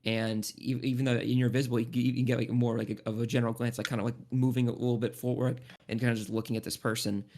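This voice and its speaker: A male game master describes the scene in a loose, rambling way, stopping and restarting often. His voice is mid-pitched with a gravelly creak. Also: little pitch movement, darkish tone. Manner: rambling, halting, many restarts and fillers. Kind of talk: narrating a tabletop game.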